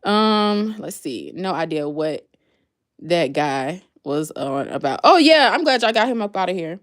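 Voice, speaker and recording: Chatty woman with lively pitch. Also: unhurried. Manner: chatty, reads and answers comments aloud. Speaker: livestream host. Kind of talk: casual livestream chat with viewers.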